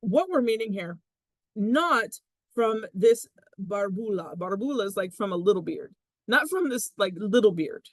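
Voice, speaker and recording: A woman teaching a Latin text in a chatty, animated way, with frequent laughs. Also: mid-range voice, unhurried, no echo. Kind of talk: casual classroom explanation.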